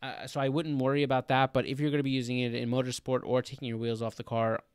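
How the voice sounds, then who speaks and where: Guy hosting a laid back live stream, smooth voice, dry sound, lots of uh and um. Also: mid-range voice, quick pace, no echo. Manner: relaxed, filler-heavy explaining with laughter.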